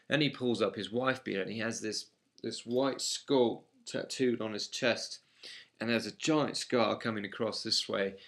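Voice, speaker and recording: A man's voice: fairly low pitch, fairly even intonation, normal speed, creaky, fairly bright tone. A man with an English accent telling a first-person anecdote in a matter-of-fact, dry way. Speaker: storyteller.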